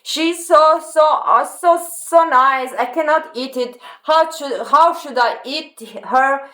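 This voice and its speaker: A woman's voice: high voice, slow, fairly bright tone, roomy sound, pitched above the performer's own voice. A woman voicing a sentimental lion who can't bear to eat its prey. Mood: mock pity. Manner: gushing, mock-sentimental. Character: soft-hearted lion pitying its prey.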